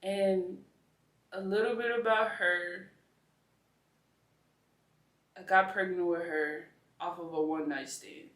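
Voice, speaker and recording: A woman's voice: on the low side, fairly even intonation, slow, pauses often, fairly bright tone. A young adult woman giving an earnest, conversational personal faith testimony as an interview guest, with casual slang. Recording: echoey room.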